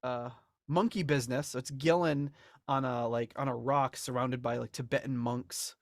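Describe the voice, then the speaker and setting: A man's voice: mid-range voice, steady tone, moderate pace, dry recording. Guy on a podcast chatting loosely, lots of restarts and laughs, dry close sound. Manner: rambling, laughs often, restarts. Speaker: podcast co-host. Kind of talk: casual chat about album memorabilia.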